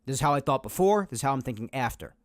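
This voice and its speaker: A man's voice: mid-range voice, lively intonation, rapid-fire, no room sound, clean studio sound. A man hosting a solo sports podcast, making his points emphatically and repeating them to drive them home. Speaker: podcast host. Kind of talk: opinionated solo sports talk.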